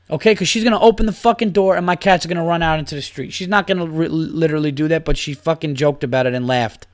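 A man hosting his own podcast, a stand-up comic rambling and swearing, working himself up into loud rants. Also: fairly high pitch, fast talker, hardly any pauses, no room sound, clean studio sound. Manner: rambling, profane, gets worked up and loud. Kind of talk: casual solo podcast rant.

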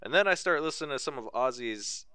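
A man's voice: medium pitch, expressive, fast talker, bright, forceful tone, clean tone, dry recording, clean studio sound. A young man chatting casually on a podcast, laid-back and swearing freely. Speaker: podcast co-host.

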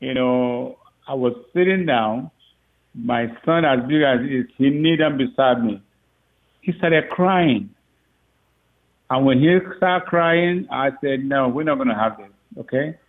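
A father telling a story on the phone, animated and laughing often as he acts out what people said. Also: medium pitch, takes it slowly. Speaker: father of a recruit. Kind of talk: phone interview. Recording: tinny phone line.

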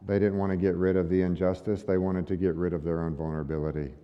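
A man's voice: deep voice, flat delivery, fast, clear, resonant tone. A male pastor delivering a sermon in a conversational way, asking the congregation rhetorical questions. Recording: dull lo-fi sound with long hall reverb.

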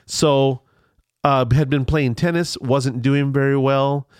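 A man's voice: mid-range voice, fairly even intonation, slow, a little mellow, clean tone, no echo, studio quality. A middle-aged man telling a rambling story in casual chat, full of restarts and asides.

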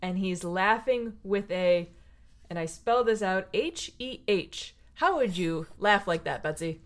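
A woman talks through a children's book in casual chat, mocking it with glee. Her pitch sits in the middle of the range. She talks in an animated, teasing way. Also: a little slow.

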